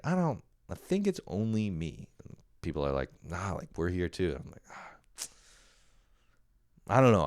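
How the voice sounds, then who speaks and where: A young Canadian man hosts a casual solo podcast, rambling, swearing, putting himself down and laughing a lot. His voice sits low with a clean tone, and the studio recording is clean with no echo.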